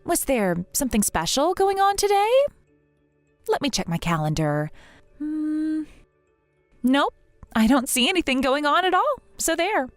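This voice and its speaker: A woman's voice: sits high, sing-song, measured pace, long pauses, no room sound, soft background music, pitched above the performer's own voice. A woman voicing a snobbish rich sister-in-law who mocks and gloats in a sneering tone, in a dramatized story. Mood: mocking.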